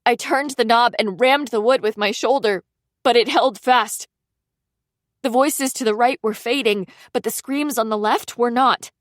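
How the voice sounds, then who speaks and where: A woman narrating a suspense audiobook in the first person, with a measured, tense reading. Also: fairly high pitch, dry recording, studio quality.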